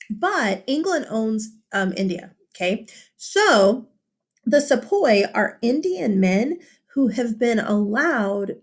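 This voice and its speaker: A woman teacher talks through a vocabulary worksheet with her students. Her delivery is loose and conversational, with plenty of fillers and quick check-ins. She sounds like she is recording a lesson for her class. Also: medium pitch. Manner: casual, chatty, with many fillers and tag questions.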